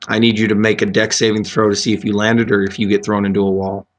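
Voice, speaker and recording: A man's voice: on the low side, flat delivery, fast, slight background noise. A man narrating as game master in a casual, rambling way.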